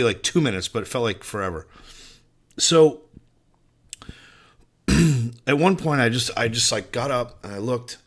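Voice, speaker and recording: A male podcast host with a bright, forceful voice tells a casual story. He rambles and swears freely, and his delivery stays lively and unscripted. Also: medium pitch. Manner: profane, rambling, animated storyteller.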